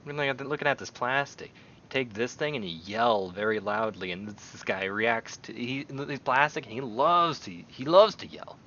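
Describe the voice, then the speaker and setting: A man streaming casual commentary while browsing online, rambling excitably and swinging between mumbles and loud bursts. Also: medium pitch, moderate pace, highs cut off, slight background noise. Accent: American. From American.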